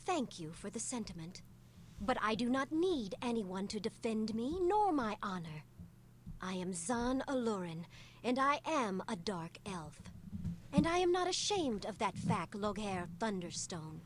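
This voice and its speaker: Poised, proud dark elf. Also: female voice, medium pitch, very animated, measured pace, a little hiss or hum. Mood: cool. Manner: cool, poised, challenging. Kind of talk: video game voice acting.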